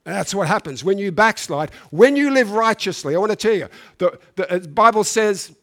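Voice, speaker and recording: High-voiced earnest man preaching. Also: expressive, normal speed, hardly any pauses, fairly bright tone. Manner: earnest, rising to emphatic peaks, with frequent restarts. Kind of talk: sermon.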